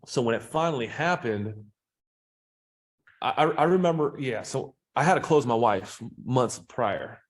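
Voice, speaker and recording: Sales-trainer guest, male, mid-pitched, swearing freely, animated storyteller. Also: unhurried. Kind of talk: casual interview talk.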